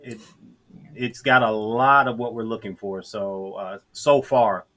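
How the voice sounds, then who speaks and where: Interview guest: middle-aged southern man, bright tone, laid-back storytelling pace. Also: lowish voice. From Georgia, US. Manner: unhurried storyteller with frequent restarts. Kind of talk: casual interview chat.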